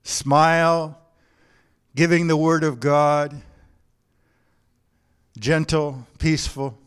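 A man preaching a sermon in a storytelling way. His voice sits a little higher than most men's. He talks in loose, conversational bursts with frequent restarts. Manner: storytelling with quoted anecdotes, frequent restarts and "you know". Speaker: pastor.

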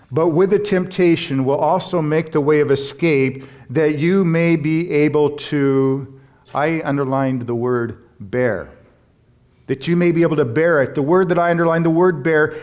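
A man delivers a sermon in a slightly high voice, hammering home key words and pausing for emphasis. He mixes earnest preaching with light humorous asides. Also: darkish tone. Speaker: pastor.

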